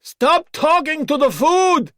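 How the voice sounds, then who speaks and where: A man voicing a bossy cave villager who shouts from a distance in a storybook. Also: very high-pitched, expressive, slow, no room sound, studio quality, voice pushed up, heavily acted. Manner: yelling from a distance.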